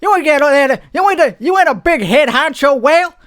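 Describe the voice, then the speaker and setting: A man voicing an impatient, fast-talking male Wall Street stockbroker with a put-on New York accent. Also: very high-pitched, animated, fairly bright tone, voice pushed up. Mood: scornful. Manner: rapid, pushy, barking.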